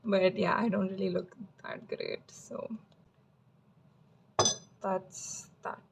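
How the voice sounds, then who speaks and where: A woman's voice: mid-range voice, unhurried, creaky, a little hiss or hum. A young woman college student, casually rambling through stories of her day and acting out other people's lines. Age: young adult. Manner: rambling, animated retelling with quoted dialogue. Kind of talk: casual chatty vlog storytelling. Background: background music.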